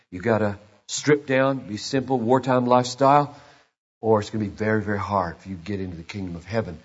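Husky fifty-something man preaching. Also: fairly low pitch, dull audio. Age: 50s. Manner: builds from a quiet storytelling tone to shouted passion. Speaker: pastor. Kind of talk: sermon.

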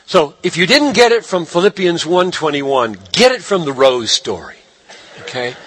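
A man preaching a sermon, animated, swinging from hushed lines to shouted ones. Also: high voice. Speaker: pastor.

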